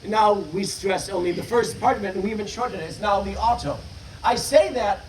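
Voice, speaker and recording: A man's voice: high-pitched, brisk. A man performing a live comic poetry show outdoors, teasing the crowd in a wry, crude way. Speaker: poet performing a stage show. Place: outdoor stage in a meadow with benches. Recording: distant echoing outdoor live recording, noisy.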